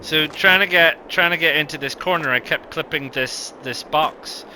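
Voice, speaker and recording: A man's voice: on the high side, normal speed, bright, forceful tone, slight background noise, low-quality recording. A man giving casual, rambling gameplay commentary, with lots of ums and self-corrections. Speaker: gaming video host.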